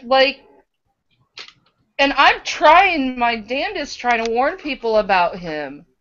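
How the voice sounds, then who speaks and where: A woman co-hosting a casual talk show, speaking haltingly and repeating her words out of frustration. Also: sits high, sing-song, a bit bright. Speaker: co-host. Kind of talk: casual chat. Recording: dull lo-fi sound.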